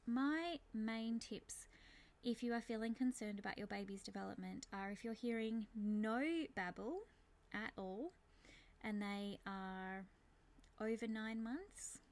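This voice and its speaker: Calm woman explaining baby speech. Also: a little high, slow. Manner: calm, reassuring, demonstrates baby sounds. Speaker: speech therapy educator. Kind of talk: explanatory teaching monologue.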